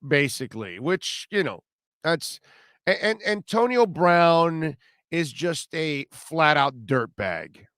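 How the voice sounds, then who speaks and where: A man's voice: on the high side, fairly bright tone, clean tone, no room sound, studio quality. A man hosting sports talk radio, blunt and rambling, with sarcastic asides.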